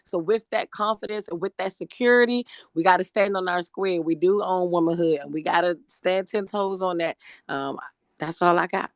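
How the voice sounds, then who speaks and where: A woman's voice: lowish voice, moderate pace, no echo, clean studio sound. A woman co-hosting a live audio chat, giving emphatic, exhorting closing remarks. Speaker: co-host.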